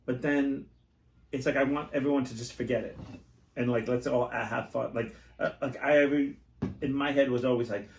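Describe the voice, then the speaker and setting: A man chats on a podcast in an easygoing, animated way. He tells stories and playfully imitates the people in them. His middle-pitched voice carries a roomy echo. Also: a little fast, gravelly, distant mic, slight background noise. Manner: animated storyteller who acts out quoted voices. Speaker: podcast host. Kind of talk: casual podcast chat.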